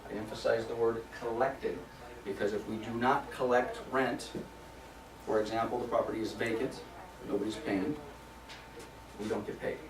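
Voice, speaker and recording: A man's voice: mid-range voice, fairly even intonation, normal speed, long pauses, recorded from a distance, a crowd in the background. A man presenting a property management training class in a casual, conversational way, often checking in with "okay?". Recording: roomy sound from off mic.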